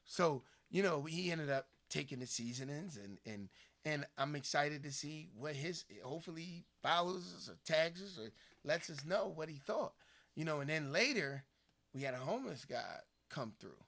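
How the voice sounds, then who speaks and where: Bright-voiced man telling stories. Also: on the high side, moderate pace. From Philadelphia area. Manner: animated storytelling, acts out quoted people. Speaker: podcast co-host. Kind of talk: casual conversation.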